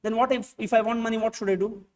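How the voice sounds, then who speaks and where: A high-pitched man with an Indian English accent gives a classroom lecture on accounting. He keeps asking his students rhetorical questions and acts out little back-and-forth dialogues. His voice sits a bit back from the mic. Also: fairly even intonation, fast talker, a little mellow, distant mic. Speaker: accounting teacher.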